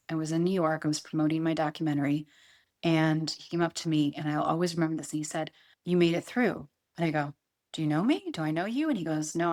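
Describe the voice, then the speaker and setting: A middle-aged woman speaking earnestly as an interview guest, often repeating herself and quoting her own thoughts. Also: deep voice. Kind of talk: emotional interview conversation.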